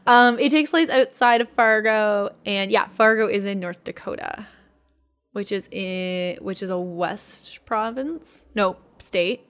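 A woman from Canada co-hosting a casual film chat, playful and quick with jokey asides. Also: mid-range voice, fairly bright tone, clean tone. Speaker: podcast co-host.

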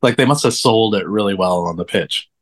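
A man's voice: fairly low pitch, a little fast. A man joining a casual film podcast as a guest, talking in a loose, rambling way with many fillers.

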